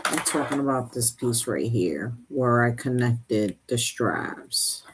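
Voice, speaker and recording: Woman host for a sewing livestream, relaxed unhurried talk, laughs a lot, chatty with viewers. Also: very deep voice, noisy background. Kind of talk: casual chat while sewing.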